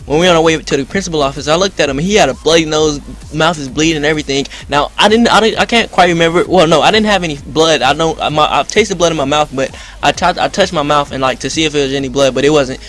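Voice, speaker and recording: A young man rambling excitedly through a story to his viewers, full of slang and fillers. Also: a little high, fast, few pauses. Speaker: vlogger. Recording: music in background.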